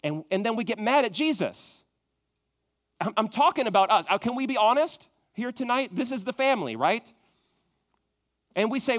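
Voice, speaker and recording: A man preaching a sermon, moving from loud emphatic questions to a soft, hushed tone. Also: very high-pitched, lively intonation, normal speed, pauses often. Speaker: pastor.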